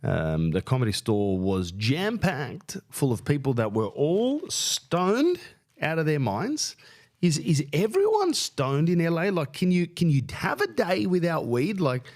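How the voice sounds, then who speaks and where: A man with an Australian accent hosting a podcast, telling a rambling, crude, self-mocking story, his pitch jumping up when he gets worked up. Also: big pitch swings, unhurried, darkish tone. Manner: crude, self-mocking, lots of fillers and restarts. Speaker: podcast host and stand-up comedian. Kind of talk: casual rambling monologue.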